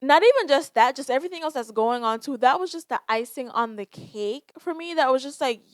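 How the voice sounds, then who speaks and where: A woman's voice: high voice, lively intonation, a little fast, hardly any pauses, no room sound, studio quality. A young woman hosting a solo podcast, talking candidly and emotionally with frequent sighs and swearing. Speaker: podcast host. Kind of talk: casual solo podcast talk.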